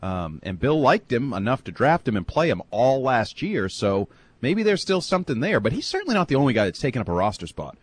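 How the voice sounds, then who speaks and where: A husky-voiced man co-hosting a sports talk show, whose pitch swings widely as he talks. He tells stories in an animated way and weighs up the players' roles. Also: brisk. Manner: animated storyteller and analyst.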